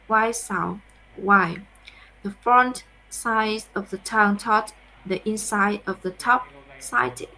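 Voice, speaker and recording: A woman teaching an English pronunciation lesson, modeling words slowly for her students to repeat. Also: mid-range voice, fairly bright tone, low-quality recording.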